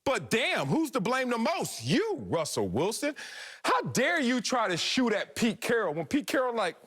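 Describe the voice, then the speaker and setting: A man's voice: wildly swooping pitch, normal speed, a bit bright, husky. A middle-aged man hosting a sports debate show, acting out other people's voices as he argues. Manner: acts out other people's voices with shifting pitch and laughs.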